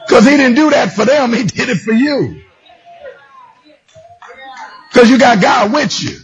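A man preaching a sermon, animated and storytelling, shouting and half-singing his lines. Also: extremely high pitch, normal speed, breathy edge, faint music behind. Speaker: pastor. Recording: dull lo-fi sound.

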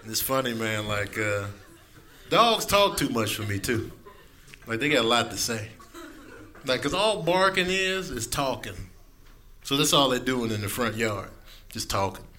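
A man doing a stand-up comedy set, animated and playful, often breaking into high put-on voices. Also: unhurried, long pauses. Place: comedy club stage. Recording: noisy live club with audience laughter.

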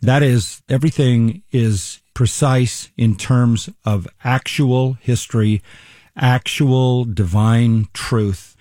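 An older male pastor in his seventies with a mellow, relaxed voice, talking through ideas in a measured way and often restarting phrases. The sound is close and dry. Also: medium pitch, no echo. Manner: deliberate, measured, with frequent restarts. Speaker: pastor and Bible teacher. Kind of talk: interview conversation.

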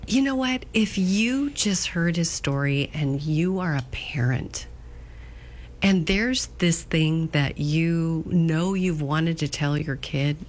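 A woman's voice: low-pitched, takes it slowly, darkish tone. A woman co-hosting a radio show, talking in a conversational way and urging listeners to act.

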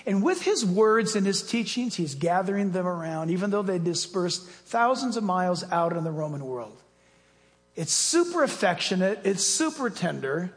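A male pastor preaching with energy and a folksy, plainspoken manner. His voice sits very high and keeps turning to the listeners with direct appeals. Every phrase rings out into the long reverb of a church hall. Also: a bit bright. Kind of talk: sermon.

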